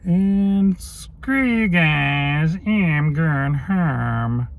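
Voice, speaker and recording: A bratty, foul-mouthed cartoon boy, as a man puts him on in a voice pitched a little high. He sounds petulant and defiant. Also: lively intonation, extremely slow, creaky, exaggerated voice.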